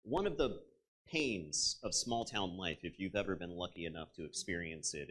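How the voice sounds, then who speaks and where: A man's voice: low-pitched, expressive, moderate pace, a bit bright. A man preaching a conversational sermon as a pastor, retelling a story in a reflective way and turning to his listeners with asides.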